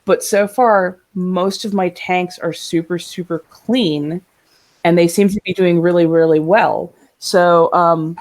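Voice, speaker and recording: A woman's voice: lowish voice, fairly even intonation, takes it slowly, darkish tone. A woman co-hosting a casual chat, telling a story animatedly, acting out voices and laughing often, heard over a video call. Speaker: podcast co-host.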